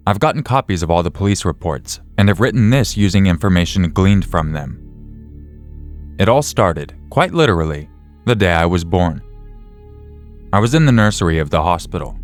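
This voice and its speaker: A man reading a scripted horror story in the first person, in a measured, even way. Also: low voice, faint music behind. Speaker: narrator.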